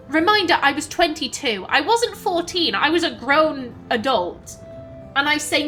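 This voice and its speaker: A woman telling a personal story in an emotional, halting way. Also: high-pitched, sing-song, sharp tone, soft background music, poor audio. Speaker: gaming channel host.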